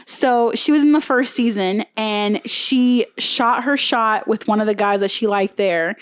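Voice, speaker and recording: Young woman, podcast co-host, slightly high voice, lively gossiping storyteller. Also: unhurried, clear, resonant tone. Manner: animated storyteller, acts out quotes, frequent "like". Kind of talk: casual chat, retelling a reality show.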